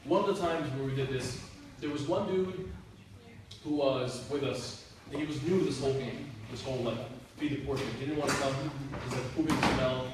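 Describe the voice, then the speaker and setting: A man's voice: medium pitch, a little fast. A man, a youth minister, telling stories to a youth group in a casual, chatty way with lots of filler words. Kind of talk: youth group talk, storytelling. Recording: echoey room, mic far off, faint hiss.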